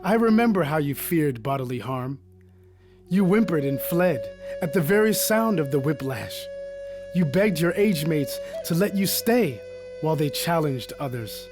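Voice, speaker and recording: A fierce warrior king calls out his foes in a commanding, scornful voice, pitched a little high and ringing, as a male narrator puts him on. Music plays steadily behind him in this epic audiobook. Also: animated, unhurried. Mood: mocking. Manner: commanding, scornful, shouting out challenges. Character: fierce triumphant Zulu king, adult man.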